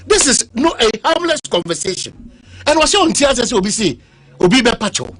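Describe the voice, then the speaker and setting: A man's voice: very high voice, sing-song, a little fast, a bit bright. A Ghanaian man hosting a heated radio debate, impassioned, repeating words and cutting in on his guest. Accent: Ghanaian English. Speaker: radio talk show host. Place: radio studio.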